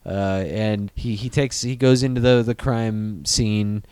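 A man co-hosting a podcast in casual chat, excitable and profane, with sudden jumps up in pitch. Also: slow pace, clean tone, dry recording. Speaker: podcast co-host.

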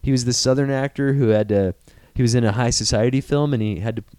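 A man hosting a casual nerdy podcast, talking in an excitable, profane and rambling way. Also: mid-range voice, quick pace, clean tone, no room sound. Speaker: podcast host.

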